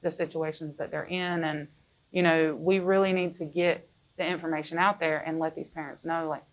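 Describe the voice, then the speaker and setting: A woman's voice: low-pitched, fairly even intonation, normal speed, poor audio. A woman who works in child care, speaking in a plain, conversational way in a panel discussion and repeating words as she thinks.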